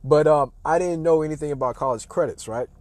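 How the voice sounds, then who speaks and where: A man in his thirties hosting a talk show, telling a personal story in a casual, animated way and acting out what other people said. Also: on the high side, a little fast, dry recording. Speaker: host.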